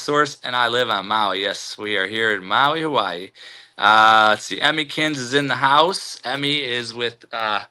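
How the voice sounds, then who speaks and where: Bright, smooth-voiced man hosting a live stream. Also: fairly low pitch. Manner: loose, rambling, spiritual musings between greeting viewers. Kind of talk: casual live stream chat with viewers.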